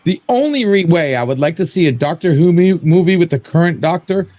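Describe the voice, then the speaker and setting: A man's voice: a little high, fairly quick, dry recording. Man ranting on a live panel. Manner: animated, rambling rant with stumbles and restarts. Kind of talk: live-stream panel chat.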